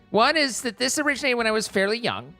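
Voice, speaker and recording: Laughing easily, a streamer rambles through casual chat and keeps correcting himself mid-thought. His voice is extremely high-pitched, bright and forceful.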